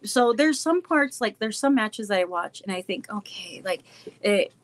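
A woman's voice: medium pitch, animated, moderate pace. Bubbly, giggly woman chatting with viewers. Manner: bubbly, giggly, talks baby talk to her dogs. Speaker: show host chatting with viewers. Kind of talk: casual live-stream chat.

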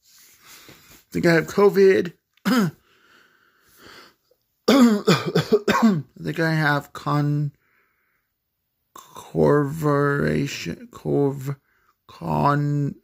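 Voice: mid-range voice, very slow, creaky, long pauses, slightly rough. A player giving casual gameplay commentary who stumbles over reading words aloud, swears casually and keeps breaking into laughing coughs. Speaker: gamer playing a search-guessing game.

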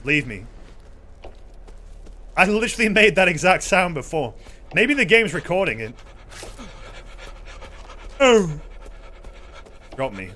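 A man's voice: sits high, big pitch swings, measured pace, long pauses, bright, forceful tone. A man streaming a horror game, commenting casually with sarcastic, exasperated swearing.

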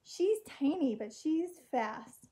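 A woman's voice: sits high, expressive, slow pace, mellow. A woman voicing a small, eager young male zebra who gets discouraged easily and sounds whiny and pleading. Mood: plaintive.

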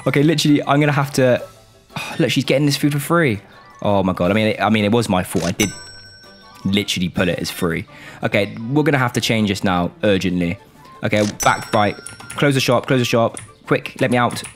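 A young man commentating on a shop game, excitable and exasperated, his voice swinging between high outbursts and low grumbles. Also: fairly quick, faint music behind. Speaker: gaming YouTuber.

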